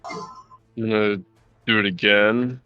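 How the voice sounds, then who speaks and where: Male player, slow and unhurried, bright clean voice, dry close mic. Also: lowish voice, little pitch movement, clean tone, dry recording, lo-fi sound, faint music behind. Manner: laid-back, hesitant. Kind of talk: casual chat while playing a tabletop game.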